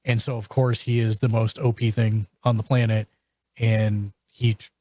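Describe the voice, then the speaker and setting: A man's voice: on the low side, little pitch movement, darkish tone, dry recording. A man hosting a podcast, chatting casually and reviewing shows, with frequent restarts and fillers. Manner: halting, full of restarts and fillers. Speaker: podcast host.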